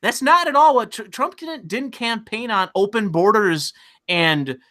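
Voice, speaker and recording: A man's voice: sits high, a little slow, pushed and bright. A man hosting a casual online political chat, talking in a loose, profane, ranting way and often repeating words as he goes. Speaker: host.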